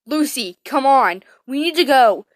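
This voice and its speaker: A woman reading aloud, giving the lines of an urgent young man in her own high voice. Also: expressive, a little slow, no echo.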